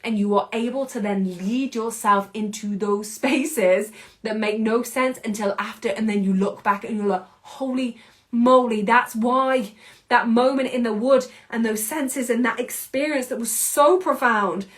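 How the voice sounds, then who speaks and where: Energetic woman, bright higher voice. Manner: energetic and emphatic, quick bursts of speech; casual, with mild swearing and laughs. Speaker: podcast host and anxiety coach. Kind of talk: motivational monologue.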